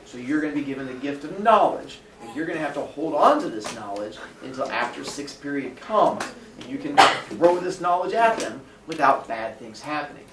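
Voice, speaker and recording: A man's voice: a little high, lively intonation, fairly quick, hardly any pauses. Male teacher, wry and teasing, recorded from across a noisy, echoing classroom. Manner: joking, teasing with students. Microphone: distant recorder in the room. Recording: distant, echoey classroom with noise.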